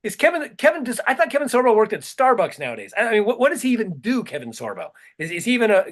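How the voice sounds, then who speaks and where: A man's voice: high-pitched, huge pitch swings, rapid-fire. A man co-hosting a comedy podcast, ranting sarcastically with plenty of swearing. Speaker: podcast co-host. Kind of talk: casual comedic chat.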